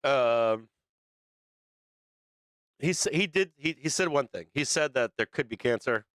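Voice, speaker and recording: Dude hosting his stream, swears nonstop, lots of ums, smooth resonant voice, dead dry sound. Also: medium pitch, expressive, fairly bright tone, dry recording. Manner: heavy swearing, halting with many fillers. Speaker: livestream show host. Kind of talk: unscripted livestream talk.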